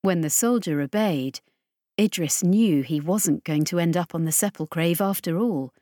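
A woman's voice: fairly low pitch, dry recording. Woman narrating an audiobook, dry close sound. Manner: steady, measured storytelling. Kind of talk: scripted narration.

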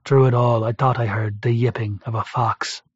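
A man's voice: mid-range voice, fairly even intonation, moderate pace, breathy edge, no echo. Male audiobook narrator, dull lo-fi sound. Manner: dry, conversational storytelling. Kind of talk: first-person storytelling. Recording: dull lo-fi recording.

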